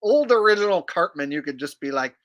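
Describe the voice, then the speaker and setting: A man's voice: fairly high pitch, lively intonation, fairly quick, fairly bright tone, highs cut off. A man hosting a livestream in casual chat, crude and rambling as he jokes around. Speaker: livestream host.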